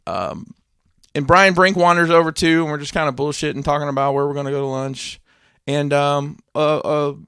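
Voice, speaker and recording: A man's voice: on the high side, gravelly, sharp tone, dry recording, clean studio sound. A man co-hosting a podcast, telling a story in casual chat, swearing and laughing along the way. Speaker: podcast host.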